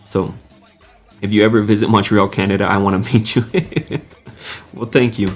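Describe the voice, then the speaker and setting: With faint music playing behind him, a young man hosts a live stream in a low-ish voice with fairly even intonation and a moderate pace. He greets viewers by name in a casual way, reading their comments out loud and laughing frequently.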